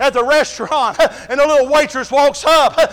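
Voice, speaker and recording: A man preaching a sermon in a chanted rhythm, with a sharp gasp after each phrase and many "uh" fillers. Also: very high voice, steady tone, a little fast. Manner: frequent "uh" fillers and refrains of "glory to God".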